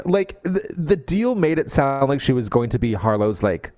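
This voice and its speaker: A man's voice: mid-range voice, very animated, moderate pace, hardly any pauses, a little mellow, no echo. A man co-hosting a podcast, chatting casually about a book in a jokey way and acting out characters' lines. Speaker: podcast co-host.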